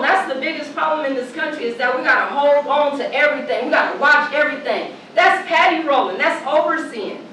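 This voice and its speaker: A woman's voice: sits high, fairly bright tone, a little hiss or hum. A woman from Oregon speaking on a panel as a community organizer, blunt and profane, repeating her points with force. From Oregon, United States. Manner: blunt, fiery and profane, with emphatic repetition. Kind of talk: impassioned panel speech. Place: large lecture hall. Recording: echoey hall, voice from far off.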